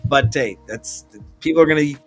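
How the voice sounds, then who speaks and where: A man's voice: fairly high pitch, normal speed, breathy edge, soft background music. A man hosting a casual remote interview, chatty and rambling, with many restarts. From Washington state, US. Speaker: interview host. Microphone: remote video call.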